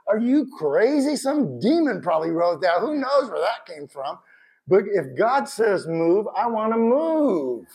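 A man preaching a sermon in a conversational, animated way, with bursts of shouted emphasis. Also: high voice, normal speed. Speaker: pastor.

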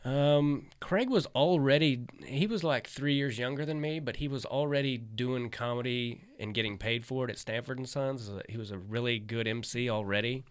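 A man's voice: mid-range voice, moderate pace, few pauses, smooth. A middle-aged man, a stand-up comedian, telling a story in casual, laid-back chat, swearing and livening up when he quotes friends.

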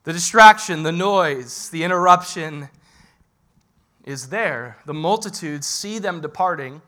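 A young man preaching a sermon as a pastor, lively and joking, talking straight to the congregation. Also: on the high side, measured pace.

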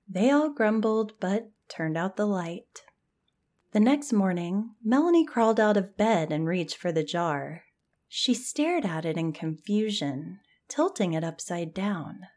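A woman narrating a scripted campfire story in a calm, measured way. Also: on the low side.

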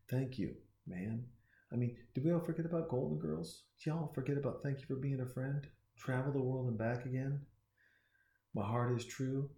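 A man from Texas talking in a casual, profane, rambling monologue, preachy and excitable, often restarting his sentences. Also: low voice, echoey room. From Austin, Texas. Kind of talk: casual rambling monologue while watching a movie.

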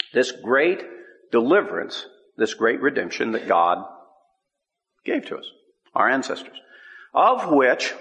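A man preaching a sermon, teaching scripture with an emphatic, drawn-out cadence. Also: mid-range voice, vocal fry, a bit bright, dull audio. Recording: long hall reverb.

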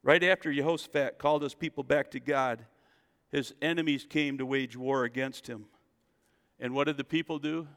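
A man preaching a sermon as a pastor, reading scripture and building to loud, emphatic calls to the congregation. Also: medium pitch, fairly even intonation, moderate pace, big-room sound. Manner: preaching with rising, shouted emphasis and call-and-response asides.

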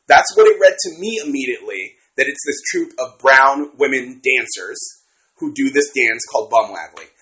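Animated, bright-voiced man co-hosting a podcast. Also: medium pitch, moderate pace, rough recording. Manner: animated, swears freely, acts out quotes. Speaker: podcast co-host. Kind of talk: casual chat, book critique.

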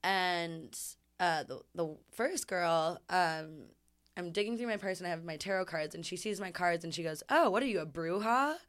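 A woman telling a story in casual chat, animated and laughing, acting out what people said. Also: on the low side, normal speed, clear, resonant tone. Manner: animated, laughing, acts out quotes. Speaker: guest storyteller.

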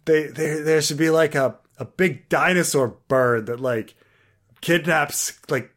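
A man voicing an excited young boy who rambles through story ideas in a halting way. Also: fairly high pitch. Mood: eager.

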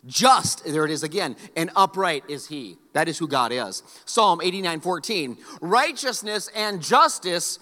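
Animated man preaching in a big hall. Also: a little high, a little slow, hardly any pauses. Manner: animated storytelling with joking asides to the congregation. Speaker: pastor. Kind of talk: sermon. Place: large church hall. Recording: long hall reverb.

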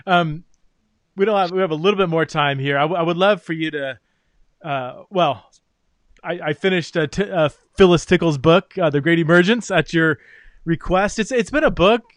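Halting, thoughtful male interviewer, dry sound. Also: a little high, no room sound. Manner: thoughtful, halting, with many restarts and fillers. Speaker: podcast host, interviewer. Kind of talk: conversational interview.

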